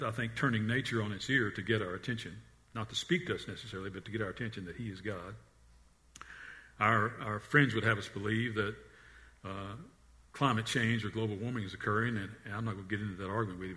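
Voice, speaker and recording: A man preaching a sermon in an earnest voice, often repeating and restarting words, and dropping to a hush on the quiet lines. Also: lowish voice. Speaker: pastor.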